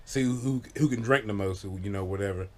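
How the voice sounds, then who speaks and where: A man's voice: on the low side, a little fast, a little mellow. Laid-back man telling stories. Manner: laid-back, profane, keeps saying "you know what I'm saying". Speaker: vlogger. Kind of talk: casual storytelling.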